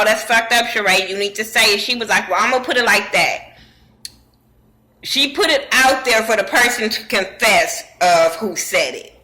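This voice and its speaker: A woman's voice: fairly high pitch, bright, forceful tone, low-quality recording. A woman casually recapping a reality show episode in slangy, profane talk, acting out what the cast said. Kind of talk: casual recap with acted-out quotes.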